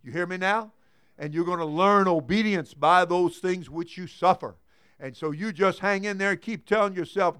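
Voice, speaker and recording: A man with a high voice preaching a fervent sermon, calling out for amens from his congregation. He swings between hushed, low talk and shouted peaks, with laughs mixed in. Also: moderate pace, clear, resonant tone, no echo, studio quality. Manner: calls for congregation response. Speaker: pastor.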